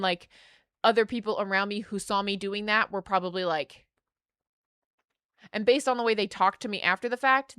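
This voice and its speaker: Bright, crisp-voiced woman streamer. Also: medium pitch, dry recording, clean studio sound. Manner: rambling, filler-heavy storytelling with restarts. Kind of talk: casual chat on a gaming stream.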